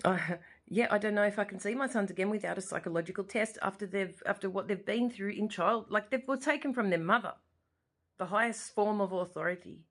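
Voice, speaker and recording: Speaking briskly in a mid-range voice, a vlogger in her forties from Australia talks directly to camera from her living room. Her emotional monologue is personal, fervent, and meandering, with frequent repetition.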